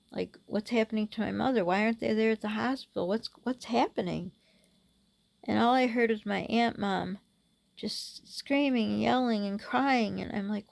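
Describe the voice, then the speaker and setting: A middle-aged woman vlogging a personal memory in a halting way, with frequent restarts and fillers. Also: medium pitch, gravelly, darkish tone. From United States. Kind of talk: personal storytelling vlog.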